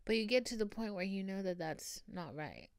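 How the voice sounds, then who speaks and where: A woman hosting a solo podcast from home, talking in a frank, emphatic way and swearing freely. Her voice sits at an ordinary middle pitch. The sound is close and dry. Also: very animated, normal speed, smooth, dry recording. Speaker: podcast host. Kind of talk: casual solo podcast monologue. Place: room at home with her dog.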